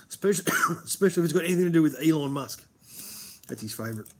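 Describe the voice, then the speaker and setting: A man with a broad Australian accent, chatting and rambling casually as a stream host, swearing freely and calling everyone mate. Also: a little high. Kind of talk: casual chat.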